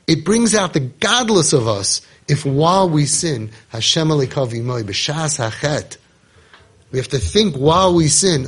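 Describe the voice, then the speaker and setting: A man's voice: mid-range voice, expressive, normal speed, a bit bright, husky. A man giving an impassioned Torah talk on parenting and judging others, acting out imagined dialogue with a raised voice. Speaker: parenting guide speaking on Torah teachings.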